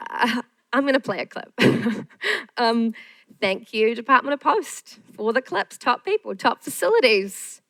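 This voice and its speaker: A woman's voice: on the high side, animated, a little slow, a bit bright, no echo, poor audio. A woman screenwriter giving a candid masterclass talk, frank and self-deprecating.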